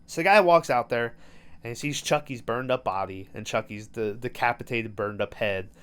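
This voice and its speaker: A man's voice: medium pitch, moderate pace, fairly bright tone, clean tone. A man hosting a podcast, recapping a movie in loose, profane storytelling full of "um" and "like". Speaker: podcast host.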